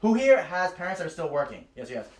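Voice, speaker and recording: A young man rattles off a hyped, profane recruiting story at breakneck speed. His voice sits a bit high for a guy and has a streetwise swagger. The room around him is echoey. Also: big pitch swings, quick pace. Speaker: recruiting speaker. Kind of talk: hyped storytelling pitch to a small crowd. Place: house party room.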